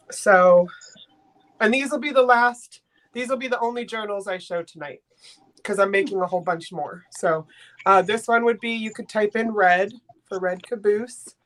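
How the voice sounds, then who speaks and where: A woman's voice: medium pitch, a bit bright. A woman hosting a live online makers' sale, chatting casually and getting flustered. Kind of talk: casual live-stream auction chat.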